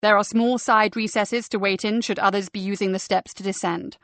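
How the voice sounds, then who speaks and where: A fussy male tour guide in an audiobook, drawing out his words with theatrical flourish, as a woman narrator puts him on. His voice is mid-pitched and dry, with no room around it. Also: steady tone, fairly bright tone, dry recording, close to an everyday voice. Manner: slow, showy tour-guide delivery. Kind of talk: audiobook character voice.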